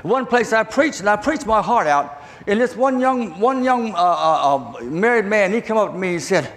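An older man with a Southern accent and a very high voice preaches a testimony sermon. He talks in a folksy, halting way and often doubles back on his words. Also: expressive, fairly bright tone. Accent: Southern American. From southern Virginia, USA.

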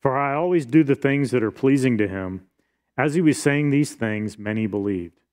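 Middle-aged male pastor, mid-pitched, earnest expository preacher. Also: normal speed, a little mellow. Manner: earnest expository preaching, reading scripture aloud. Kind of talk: sermon.

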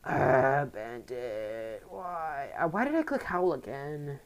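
A woman giving casual let's play commentary, rambling with excitable outbursts. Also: extremely low pitch, slow, slight background noise. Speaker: gaming commentator.

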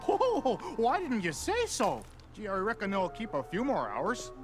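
An actor playing a laid-back working stallion with a drawl, easygoing and folksy. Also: male voice, high-pitched, huge pitch swings, a little slow, over music, exaggerated voice. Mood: friendly.

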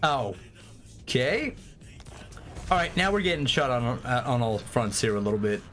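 A man livestreaming a strategy game, chatting casually and excitably with frequent swearing and rambling asides. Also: mid-range voice, normal speed. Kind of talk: casual gameplay commentary. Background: faint game music.

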